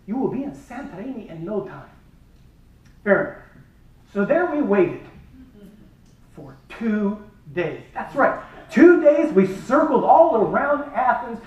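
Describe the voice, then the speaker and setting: Man, comic speech at an event, animated delivery; echoey hall, far mic. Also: high voice. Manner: lively, animated storytelling. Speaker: speaker at a charity event. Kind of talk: humorous storytelling speech.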